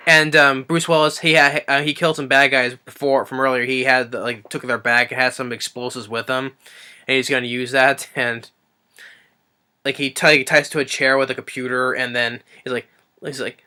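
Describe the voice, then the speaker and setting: Picture a man with a bright, forceful voice and a smooth, crisp tone, walking through a movie scene by scene. He rambles along eagerly and slips into the characters' quoted lines as he goes. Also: medium pitch, level tone, moderate pace. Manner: rambling and enthusiastic, acts out quotes. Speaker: movie reviewer. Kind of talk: casual movie plot recap.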